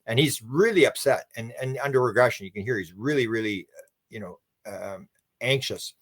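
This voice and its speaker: A Canadian man with a Canadian accent, a researcher answering interview questions and telling a story, acting out the quoted dialogue with lively shifts in voice. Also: medium pitch, fairly quick. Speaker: guest, UFO researcher.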